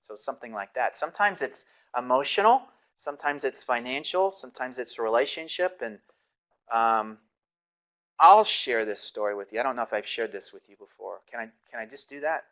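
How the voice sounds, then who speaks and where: A man's voice: mid-range voice, animated, brisk, fairly bright tone. Chatty male lecturer telling stories. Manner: conversational, restarts sentences, chuckles often. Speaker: instructor. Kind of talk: classroom lecture with personal storytelling.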